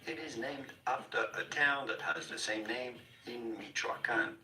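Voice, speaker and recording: Male narrator reading a pronunciation clip, flat and instructional, roomy playback with music. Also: mid-range voice, measured pace, distant mic. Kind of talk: scripted narration. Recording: roomy audio played back with music.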